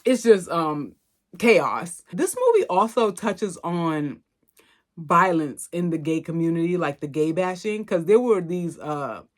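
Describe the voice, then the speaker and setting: A woman hosting a podcast, recapping a film in a chatty, slangy, expressive way. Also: on the low side, a little slow. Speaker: podcast host. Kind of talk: casual movie recap.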